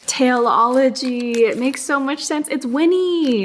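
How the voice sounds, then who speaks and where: A woman's voice: moderate pace, few pauses, a little hiss or hum. Gushing young woman vlogger. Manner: gushing, bursts into high excited exclamations. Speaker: small business artist and vlogger. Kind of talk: casual vlog voice-over, opening fan mail.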